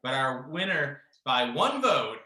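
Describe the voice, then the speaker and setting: A man's voice: mid-range voice, sing-song, slow pace, pushed and bright. A man hosting a casual comic debate, laid-back and hesitant with many ums. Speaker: host and moderator. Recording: roomy echo.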